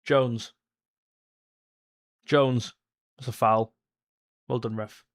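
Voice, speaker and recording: A young man, reacting live to a football match, blunt and frustrated, jumping to excited shouts at chances. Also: medium pitch, very slow. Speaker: football fan streamer. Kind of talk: live match watchalong commentary.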